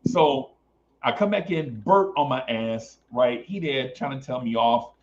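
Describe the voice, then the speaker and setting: A man's voice: medium pitch, measured pace, lo-fi sound. A man casually telling a long story on a podcast, swearing and acting out the other voices. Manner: animated, swears, acts out voices.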